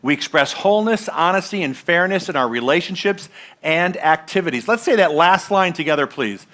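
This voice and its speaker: A woman's voice: on the low side, expressive, a little fast, a bit bright. A woman minister giving a conversational Sunday sermon, asking the congregation questions and leading them in recitations. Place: church sanctuary.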